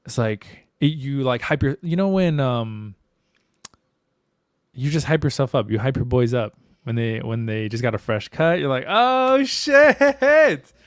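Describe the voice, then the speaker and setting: Smooth-voiced man in candid podcast chat. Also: medium pitch, normal speed, darkish tone, no echo, clean studio sound. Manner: candid, swears freely, slangy. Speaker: podcast co-host.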